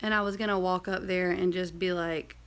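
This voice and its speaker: Chatty woman with a gravelly edge. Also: fairly low pitch, fairly even intonation, fairly quick. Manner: chatty, rambling, many fillers and asides. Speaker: vlogger. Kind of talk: casual storytelling vlog.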